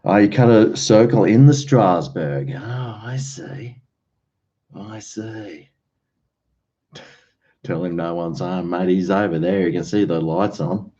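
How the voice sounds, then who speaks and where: Deep-voiced Australian man chatting. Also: takes it slowly, pauses often, dark tone. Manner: rambling, chatty, uses slang and mate. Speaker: livestream host. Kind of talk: casual chat with live viewers. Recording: dull lo-fi stream audio.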